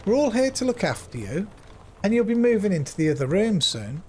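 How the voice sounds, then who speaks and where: A man's voice: high voice, big pitch swings, brisk, dark tone, a little hiss or hum. Rambling man streaming from home. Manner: rambling, repeats himself, retells dialogue with "I says". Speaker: live streamer. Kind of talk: casual chat to stream viewers.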